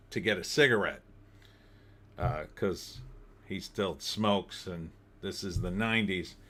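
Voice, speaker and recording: Chatty low-voiced man hosting a livestream. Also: sharp tone. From New Jersey. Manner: rambling, chatty, reads viewer comments aloud. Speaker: livestream host. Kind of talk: casual livestream chat reading comments.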